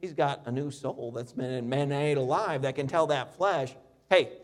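A middle-aged man preaching a sermon, reading scripture and telling stories with lively, animated delivery. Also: normal speed. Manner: animated storytelling preacher, reads scripture in a lower, steadier voice. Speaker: pastor.

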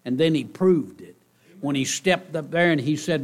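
A man preaching a sermon to a congregation, repeating his key phrases and swinging between loud outbursts and hushed lines. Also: fairly high pitch, moderate pace. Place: church service.

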